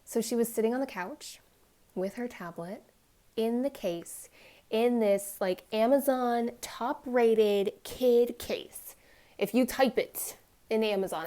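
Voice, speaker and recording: A young woman, a crafting vlogger, chatting casually and telling a family story, acting out the voices she quotes. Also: fairly high pitch. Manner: animated, acts out quoted voices.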